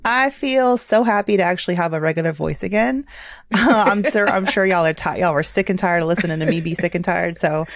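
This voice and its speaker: Lower-voiced woman in lively, dry podcast banter. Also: brisk, no room sound. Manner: expressive, playful banter. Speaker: podcast co-host. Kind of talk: casual chat. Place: studio.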